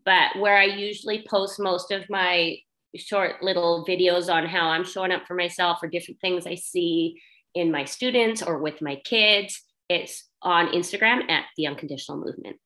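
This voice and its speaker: A woman's voice: lowish voice, steady tone, normal speed, pushed and bright, rough recording. A woman guest in a casual podcast interview, talking earnestly and telling a heartfelt story about her daughter.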